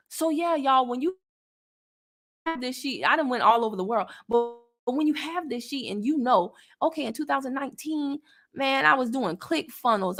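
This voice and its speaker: A woman's voice: high-pitched, lively intonation, moderate pace, a bit bright. A woman network marketing coach talking straight to camera, blunt, sassy and colloquial, and easily worked up. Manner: gets worked up. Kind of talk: casual direct-to-camera talk.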